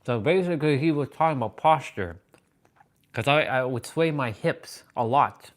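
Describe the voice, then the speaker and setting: A man's voice: mid-range voice, expressive, moderate pace. A man hosting a casual livestream, telling a story animatedly and answering viewer comments. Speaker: livestream host.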